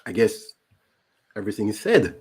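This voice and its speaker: A man with a French accent, a native French speaker, hosting an interview and talking in a hesitant way with many pauses and restarts. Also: on the low side, sing-song, a little mellow, slightly rough. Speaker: host. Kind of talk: conversational interview.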